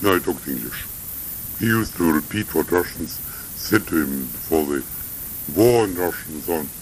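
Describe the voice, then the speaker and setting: An older man with a very low voice talks through his memories in an interview, hesitating and drifting off on side paths. A faint tape hiss runs under the archival recording. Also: expressive, normal speed, rough recording. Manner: rambling, hesitant, digressive reminiscing.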